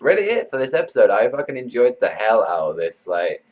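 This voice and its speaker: A man's voice: mid-range voice, sing-song, brisk, darkish tone, low-quality recording. A man giving a casual, rambling anime episode review, full of fillers like "you know" and "like" and loose swearing.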